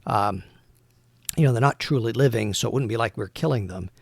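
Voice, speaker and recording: A man's voice: mid-range voice, a little fast, vocal fry, dry recording, voice pushed down. A cautious, practical helper of a wizard who speaks hesitantly and hedges a lot, as a man acts them out. The voice stays close to an everyday speaking voice in a tabletop game.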